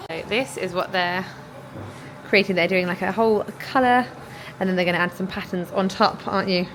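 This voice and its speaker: A woman's voice: medium pitch, brisk, a bit bright. A woman who owns an art shop, filming a children's art lesson for her vlog and chatting with the pupils in a casual, questioning way. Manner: chatty, asks lots of questions. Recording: noisy room.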